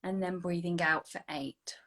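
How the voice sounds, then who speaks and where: Lowish calm woman voice walking people thru a guided meditation, slow and soothing, goes whispery. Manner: slow, soothing guiding voice that drops to a soft whisper. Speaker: energy healing practitioner. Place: online video session.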